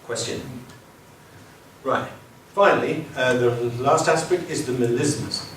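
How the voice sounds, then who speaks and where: A man giving an academic lecture with musical examples, talking in a lively, digressive way, humming and counting beats. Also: mid-range voice, a little slow, a little hiss or hum. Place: university lecture room. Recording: very echoey hall from far off, with music.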